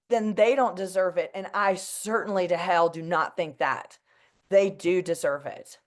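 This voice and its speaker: Her voice sits fairly low and her delivery is unhurried. Emotional and near tears, this woman speaks earnestly to an audience as a mental health advocate in a heartfelt personal talk, filling it with "like" and "you know."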